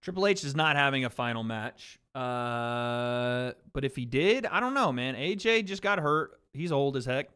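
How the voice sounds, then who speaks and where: A man's voice: medium pitch, lively intonation, a little slow, sharp tone, smooth. A man hosting a livestream watch party, riffing on chat in blunt, profane casual commentary. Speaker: livestream host.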